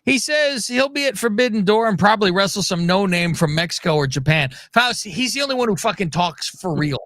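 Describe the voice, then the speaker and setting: A man's voice: high voice, a little fast, no echo, studio quality. A man co-hosting a podcast, recapping wrestling in a casual, profane way. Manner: profane, animated recapping with quoted voices. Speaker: podcast co-host.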